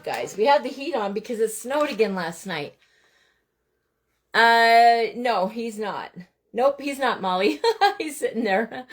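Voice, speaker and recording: A middle-aged woman from Montana talks her viewers through a craft project on a live stream. Her talk is chatty and loose, full of greetings to viewers by name and asides about her day. She works at a table in her home craft room, talking as she goes. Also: a little high. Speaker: craft livestream host.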